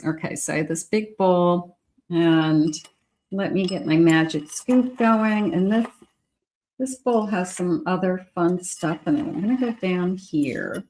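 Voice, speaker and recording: Slow-talking woman reading tarot cards. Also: fairly low pitch, a little mellow. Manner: unhurried, musing aloud, talking to spirit. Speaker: psychic tarot reader. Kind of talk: casual tarot reading to camera.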